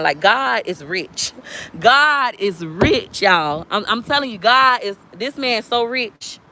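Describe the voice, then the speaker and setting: A woman's voice: a little high, pushed and bright, a little hiss or hum. A woman speaking straight to viewers in a casual, preachy livestream chat. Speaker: livestream vlogger.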